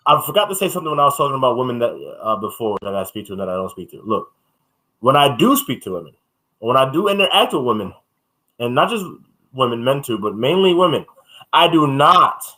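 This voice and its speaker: Man co-host, blunt and animated, forceful bright tone, casual podcast chat. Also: medium pitch, rough recording.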